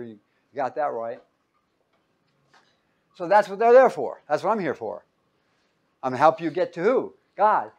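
A man preaching a Bible-teaching sermon, reading verses loudly and pausing for his listeners to call out the missing word. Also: a little high. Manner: quizzing listeners with fill-in-the-blank questions; emphatic, loud when reading scripture aloud.

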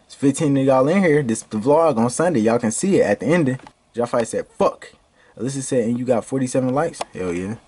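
Laughing young vlogger man, lively pitch. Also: fast, slight background noise. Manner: laughing, joking, profane banter. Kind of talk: casual chat with friends.

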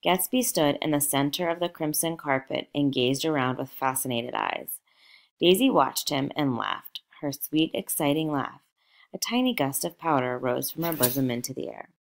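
A woman narrating a novel aloud in a measured, expressive storytelling manner. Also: low voice, creaky. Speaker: audiobook narrator.

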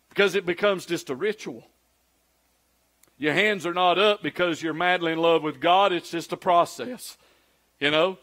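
A man's voice: high-pitched, a bit bright. A man, a pastor preaching a conversational sermon full of rhetorical questions.

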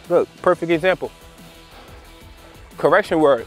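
A man with a slightly higher than average voice explains dog training in a loose, conversational way, circling back over his points and checking in with "all right?" He breaks off now and then to give his dog short commands. Faint music plays underneath. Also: a little fast. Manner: conversational, repeats phrases, frequent "all right" and "you know". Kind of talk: casual instructional talk to camera.

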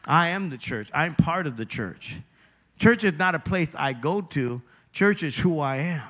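A male pastor preaching a sermon, driving points home with emphatic repetition and shifting between loud declarations and quieter personal appeals. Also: a little high, animated, unhurried.

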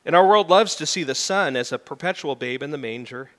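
A middle-aged man preaching a sermon as pastor, animated and building to loud emphatic peaks. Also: fairly high pitch, a little fast. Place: church sanctuary. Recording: reverberant church hall.

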